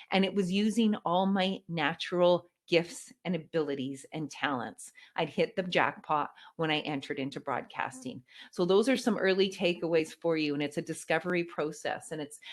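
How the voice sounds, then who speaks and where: Middle-aged Canadian woman, keynote speaker; slightly low voice, polished broadcaster polish with lively storytelling emphasis. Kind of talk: motivational keynote speech.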